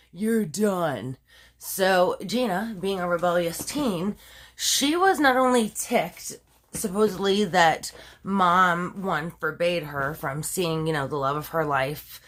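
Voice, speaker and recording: A woman's voice: fairly low pitch, fairly bright tone. A woman casually retelling a true crime story, chatty and full of asides, laughing at her own dramatic telling.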